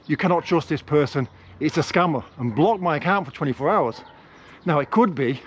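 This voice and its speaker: A man's voice: on the high side, dull audio, a little hiss or hum. A man vlogging casually, acting out both sides of conversations as he talks. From not Russia. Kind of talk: casual vlog monologue.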